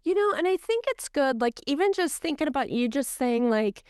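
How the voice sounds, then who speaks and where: A middle-aged woman co-hosting a podcast tells stories in a lively, casual way, sprinkling in plenty of "like." Her voice sits high and her pace is normal, recorded cleanly in a studio with no echo.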